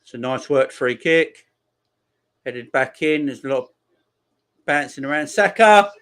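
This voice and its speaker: A man in his forties, talking through a live football watchalong. He is chatty and excitable and keeps up a running banter with his viewers. His voice sits at an ordinary middle pitch. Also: measured pace. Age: 40s. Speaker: streamer.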